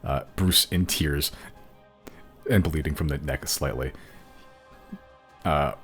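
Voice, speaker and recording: A man narrating a tabletop game as game master, rambling, relaxed and laughing often. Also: very deep voice, takes it slowly, soft background music.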